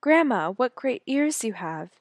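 A woman voicing a curious young girl in a red hood, speaking high and wide-eyed. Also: big pitch swings, measured pace, no echo, studio quality. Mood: amazed.

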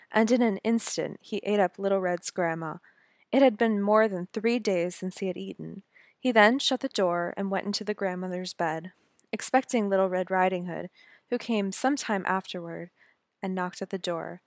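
Woman, storybook narrator, gentle, measured, mid pitch, dry close sound. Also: dry recording.

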